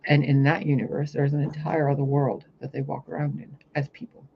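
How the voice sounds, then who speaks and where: Male spiritual vlogger, gravelly and intense, rambling and profane; dull lo-fi camera audio with a faint hiss. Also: medium pitch, monotone, brisk. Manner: rambling, intense, swears often. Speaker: spiritual reader. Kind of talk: vlog monologue about a vision. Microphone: camera mic, talking to camera.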